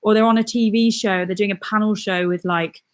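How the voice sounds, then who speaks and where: A woman's voice: mid-range voice, fairly even intonation, fairly quick. A young woman from England chatting casually on a live stream as a vlogger, bubbly and reading viewer comments aloud.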